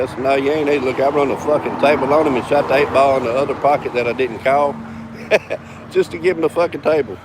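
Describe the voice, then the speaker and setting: A man's voice: mid-range voice, a little fast, background noise. Profane man spinning a yarn. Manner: drawling, profane, laughs between lines. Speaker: vlogger telling a story. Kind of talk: casual profane storytelling.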